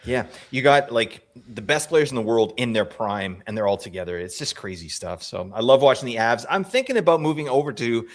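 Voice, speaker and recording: A man co-hosting a fantasy hockey podcast, chatting casually in an animated, joking, rambling way. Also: medium pitch, fairly quick, hardly any pauses. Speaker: co-host.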